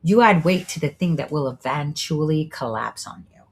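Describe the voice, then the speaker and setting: A woman's voice: low voice, lively intonation, normal speed, slightly rough. A woman hosting a show, delivering a preachy, profane monologue full of rhetorical asides. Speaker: show host. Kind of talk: monologue commentary.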